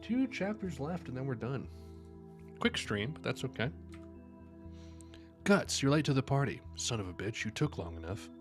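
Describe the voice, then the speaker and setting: A man's voice: mid-range voice, very animated, music in the background. A man streaming live, reading manga panels aloud and reacting between lines, sleepy and yawning. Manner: reads every character's lines aloud between quick reactions.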